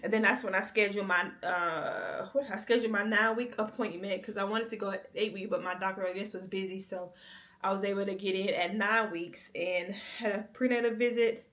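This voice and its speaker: A woman's voice: mid-range voice, fairly even intonation, fairly quick, fairly bright tone. A young adult woman vlogging in a candid, chatty way, talking straight to her viewers. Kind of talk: casual chat.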